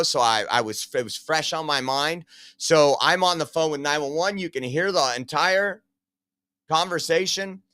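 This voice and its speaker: Bright-voiced sarcastic male podcast host. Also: on the high side. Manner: emphatic, sarcastic, rambling. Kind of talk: opinionated commentary.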